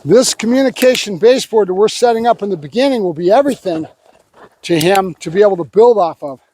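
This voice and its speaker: Man, dog trainer, high voice, clipped firm commands, calm explaining between drills. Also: fast, slight background noise.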